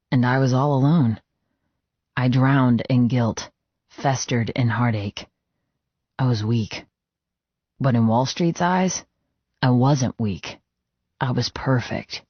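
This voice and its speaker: A man narrates an audiobook in a measured, even and intimate way, taking his time. The sound is dry and close, with a muffled, lo-fi tone. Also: medium pitch, no echo. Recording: dull, lo-fi dry studio read.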